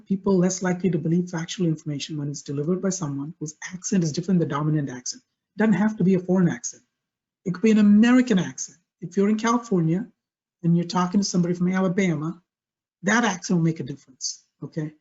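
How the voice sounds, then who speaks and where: A man giving a live webinar presentation over a video call, energetic and emphatic, often repeating his key phrases. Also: on the high side, husky, lo-fi sound.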